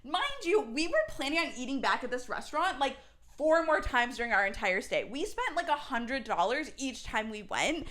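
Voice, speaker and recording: A young woman co-hosting a casual podcast, telling a story in an animated way and laughing as she goes. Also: high-pitched, normal speed. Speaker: podcast co-host.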